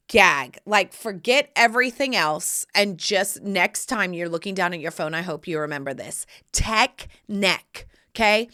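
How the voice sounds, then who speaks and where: A woman podcast host from Texas, telling stories in a sassy, animated casual chat. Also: mid-range voice, unhurried, hardly any pauses, clear, resonant tone. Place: studio or home set, shooting video.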